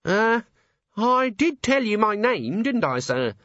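Hesitant young dwarf recruit, high and stammering, a man voicing it; dry, slightly dull recording. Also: sing-song, slow, a bit bright, no room sound, full character voice. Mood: nervous.

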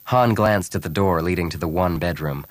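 A man reading a novel aloud as scripted narration, calm and even, speaking the characters' lines softly. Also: low-pitched, moderate pace, dry recording. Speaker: audiobook narrator.

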